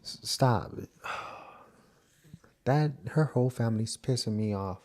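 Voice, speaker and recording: Slow, mellow-voiced man reacting. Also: medium pitch. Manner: blunt, swears, talks in fits and starts. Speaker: reaction video host. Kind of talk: casual reaction commentary.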